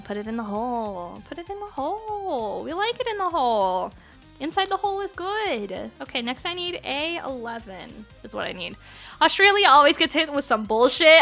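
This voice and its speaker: A woman's voice: high voice, pushed and bright. A woman in her thirties chatting casually on a livestream, playful, laughing often and swearing freely. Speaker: streamer.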